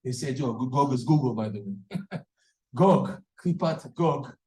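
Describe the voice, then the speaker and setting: A man giving a lively Torah class, acting out stories and laughing at his own jokes. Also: medium pitch, a little slow. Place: hall or synagogue with audience. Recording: echoey room.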